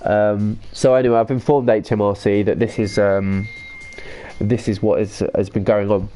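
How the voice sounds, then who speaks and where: A man's voice: on the low side, little pitch movement, normal speed, mellow, slight background noise. A young man streaming a football game, chatting casually with viewers, laid-back and sweary. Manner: laid-back, sweary, reads chat aloud. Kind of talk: casual live-stream commentary.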